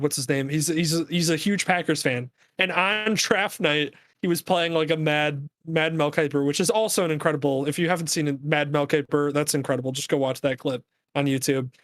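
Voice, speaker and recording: A man co-hosting a podcast, talking sports in a casual, animated, rambling rant full of fillers. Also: a little high, no echo. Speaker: podcast co-host.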